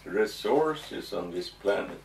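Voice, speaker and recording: A man answering interview questions slowly and hesitantly, with frequent ums and restarts. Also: lowish voice, lively intonation, creaky, darkish tone. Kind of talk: halting explanatory interview answers. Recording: echoey room, distant mic, faint noise.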